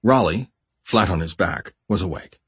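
A man reading a first-person memoir audiobook in a measured, expressive storytelling voice. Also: sits low, husky, no room sound. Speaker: audiobook narrator.

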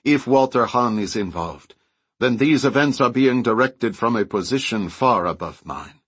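A man voicing a stern, guarded male Chinese general in an audiobook, speaking in a measured, cool way. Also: medium pitch, lively intonation, a bit bright, breathy edge, no echo. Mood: grave.

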